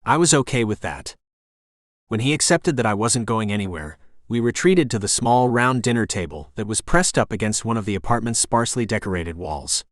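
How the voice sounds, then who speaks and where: Man, audiobook narrator, first-person story, lowish voice, dry close mic. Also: expressive, fairly quick, dry recording.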